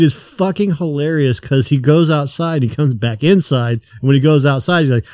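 A man's voice: a little high, moderate pace, few pauses, darkish tone, no echo, studio quality. A man co-hosting a casual podcast, rambling through a work story and swearing freely. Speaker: podcast co-host. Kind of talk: casual chat.

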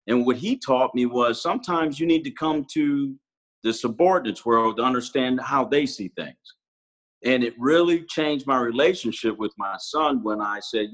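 A Marine sergeant major in his forties tells personal stories in a candid, casual way, frequently calling the host "brother." His mid-range voice has a fairly bright tone, captured in a low-quality recording.

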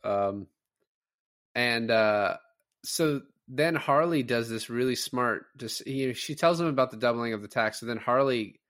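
A man's voice: medium pitch, unhurried, a bit bright, no room sound, clean studio sound. A man co-hosting a podcast, chatting casually about a film, recapping scenes and laughing often. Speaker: podcast co-host. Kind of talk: casual movie discussion.

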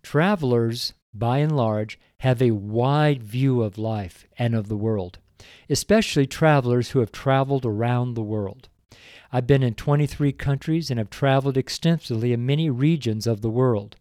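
Earnest, emotional male preacher, mellow voice. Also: mid-range voice, normal speed, no room sound, studio quality. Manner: earnest, emotional, tearful at times. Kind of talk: devotional sermon and prayer.

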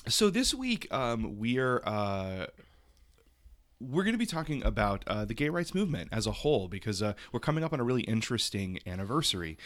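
A man co-hosting a podcast in casual chat, chatty and animated, with many fillers. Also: mid-range voice, brisk. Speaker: podcast co-host.

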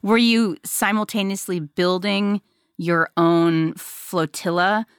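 A middle-aged woman chats with an author about his book, lively and quick to laugh. Her voice is recorded close and dry, with no room sound. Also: lowish voice, clear, resonant tone, dry recording. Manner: animated, laughs often. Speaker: interviewer. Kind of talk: book interview chat.

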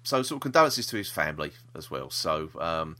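A man's voice: extremely low pitch, big pitch swings, brisk, pushed and bright. A man co-hosting a casual podcast chat, rambling with restarts and laughter. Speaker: podcast co-host.

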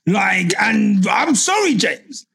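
A woman co-hosts a podcast and rants with plenty of swearing. Her pitch swings widely, and her voice has a faint husk. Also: slow pace, creaky, breathy edge. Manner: animated, swears freely, rants. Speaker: podcast co-host. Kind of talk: casual podcast chat.

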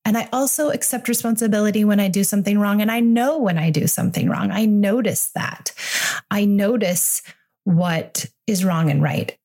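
A woman's voice: mid-range voice, moderate pace, a little mellow. A woman in her forties hosting a parenting podcast, talking candidly and reassuringly about her own mistakes as a parent. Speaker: parenting coach and podcast host. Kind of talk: solo podcast monologue.

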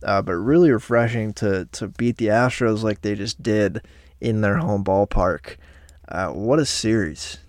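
A man casually recapping a week of baseball as a fan, animated and swearing freely, on a close microphone. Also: lowish voice, measured pace, no echo. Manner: animated, profane, fan banter. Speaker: sports podcaster.

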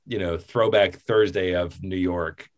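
A podcast co-host with a slightly low voice chats casually and unhurriedly about a film, rambling and laughing often. He's lively and loose, stopping and restarting his thoughts as he goes.

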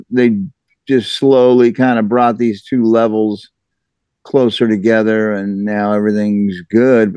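A man's voice: mid-range voice, darkish tone, smooth, no room sound. A man co-hosts a podcast in casual chat. He talks in a plain, matter-of-fact way and swears casually. The sound is dry and close. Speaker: podcast co-host.

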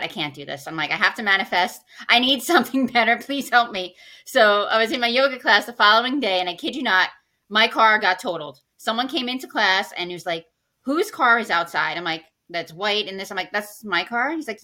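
A woman's voice: mid-range voice, pushed and bright. A woman who works as a financial planner, a podcast guest telling a personal story in casual conversation and acting out her own past lines.

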